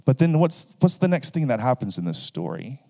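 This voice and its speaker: A man's voice: mid-range voice, fairly quick, long reverb tail. A man giving a casual Bible lesson, acting out the people in the story with lots of asides to the listeners. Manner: animated, acts out the people in the story. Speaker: preacher.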